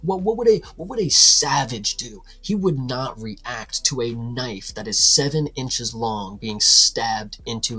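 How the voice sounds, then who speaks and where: A man's voice: medium pitch, sharp tone, husky. A man co-hosting a casual film review, ranting in a profane, incredulous way.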